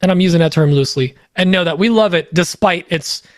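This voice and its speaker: Man, native Polish speaker, high voice, dry close sound; upbeat, jokey sponsor read. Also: a little fast, dry recording. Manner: upbeat, joking, loose with fillers. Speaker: podcast co-host reading sponsor spots. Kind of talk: casual ad read on a podcast.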